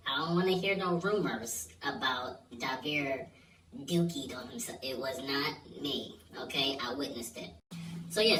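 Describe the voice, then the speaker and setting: A man's voice: a little high, distant mic. A young man telling a funny story in a casual vlog monologue, laughing and checking in with the listener. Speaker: vlogger. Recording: echoey room, voice off-mic, clear hum. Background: steady hum.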